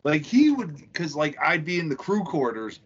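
Husky, excitable man telling stories. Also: fairly high pitch, normal speed. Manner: profane, excitable anecdote-telling. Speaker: podcast co-host. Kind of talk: crude comedic podcast banter. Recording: dull, slightly lo-fi sound.

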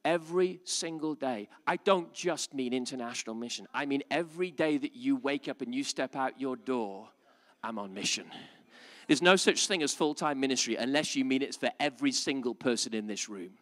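A man preaching a live sermon to a church audience. He moves between joking asides, quiet reasoning and loud, emphatic calls. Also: mid-range voice, lively intonation, moderate pace. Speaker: pastor.

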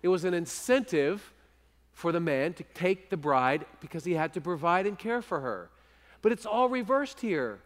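A male pastor preaching a sermon, earnest and often sinking into a hushed, intimate voice. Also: high-pitched, animated, moderate pace, big-room sound. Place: church sanctuary.

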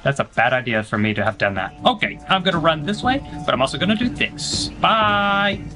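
A man's voice: medium pitch, wildly swooping pitch, fast, over music. A man doing let's play commentary on a horror game, joking with his chat and letting out sudden panicked yelps. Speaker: gaming streamer.

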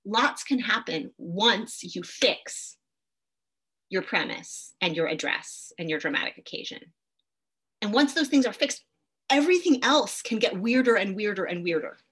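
A woman's voice: medium pitch, animated, measured pace, a bit bright, husky. A middle-aged woman teaching a poetry masterclass, enthusiastic and reading poems aloud with expression. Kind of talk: masterclass lecture with poem readings.

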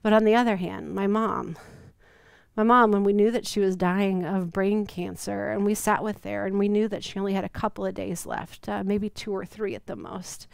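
Midwestern lady pastor preaching, smooth clear voice, close dry sound, personal and earnest. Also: medium pitch, steady tone, normal speed, no room sound. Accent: Midwestern American. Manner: earnest, personal storytelling with soft, quiet stretches. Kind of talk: sermon. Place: church sanctuary.

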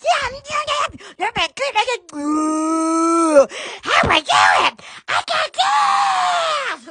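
A woman hosting a phone livestream from home, rambling giddily with lots of giggles, squeals and drawn-out exclamations. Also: extremely high pitch, very animated, shouting, very noisy. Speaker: live-stream host. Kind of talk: silly, rambling livestream chatter.

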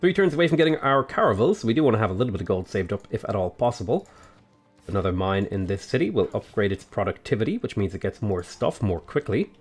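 A man with an Australian accent casually talking through a strategy game tutorial, explaining his moves in a relaxed way. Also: lowish voice, quick pace, slightly rough, faint music behind. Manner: relaxed, explanatory, frequent "uh" and "go ahead". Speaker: gaming YouTuber.

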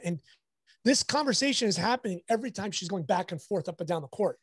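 A man's voice: sits high, fast talker, breathy edge, no echo, studio quality. A sports photographer chatting on a podcast, a man with a Southern Californian accent, telling a story and acting out what others said. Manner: animated, acts out quoted dialogue. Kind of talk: casual storytelling.

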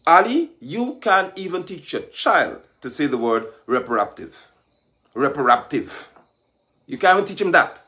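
A man delivers a scolding political monologue in a high, very lively voice. He mocks and lectures, pushing up into shouts. Faint insect noise sits behind him. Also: normal speed, hardly any pauses. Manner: mocking, lecturing, rising to shouts. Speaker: political commentator.

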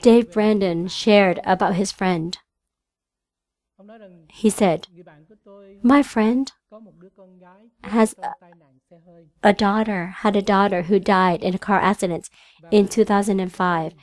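A woman whose first language is Vietnamese, interpreting a church sermon in an earnest, halting way with frequent restarts. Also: mid-range voice, fairly even intonation.

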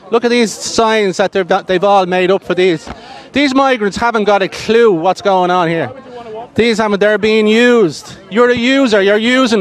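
An Irish man with a high voice confronts people on a city street. He taunts them and turns to his viewers. He is recorded outdoors on a handheld phone. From Ireland. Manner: combative, taunting, addresses viewers. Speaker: street streamer.

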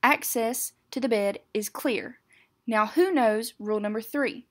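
A woman voicing a formal, strict male monster teacher who lays out rules in a measured, instructive way. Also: fairly high pitch.

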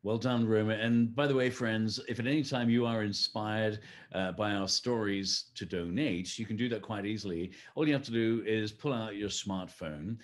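A host with a lowish voice runs a live-streamed fundraising gala at normal speed. Friendly and chatty, he walks the audience through donations, using frequent fillers.

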